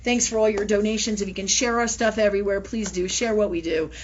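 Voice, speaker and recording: A woman's voice: mid-range voice, fast, dull audio, slight background noise. A woman hosting a live spiritual talk show, telling a story casually with lots of swearing and laughter. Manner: profane, laughing storyteller, animated.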